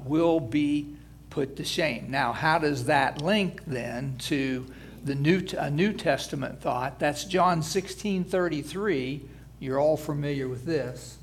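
Man pastor, slightly high voice, preaching slowly, building emphasis, clears his throat often. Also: slight background noise. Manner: preaching with rising emphasis on scripture, many restarts and throat clearing. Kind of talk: sermon.

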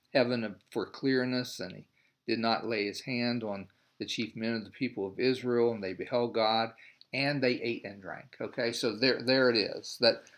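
Man teaching a Bible study. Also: medium pitch. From United States. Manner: reads scripture aloud, then explains in a loose, rambling way full of restarts.

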